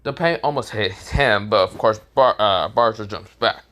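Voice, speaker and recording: A man's voice: lowish voice, moderate pace, a bit bright. A man casually telling a fan-made story, rambling, searching for words and laughing at his own jokes.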